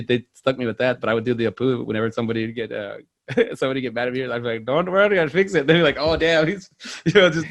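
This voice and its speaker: Man, podcast co-host, casual movie chat, gravelly, dry mic. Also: mid-range voice, no echo. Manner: rambling, lots of fillers and restarts.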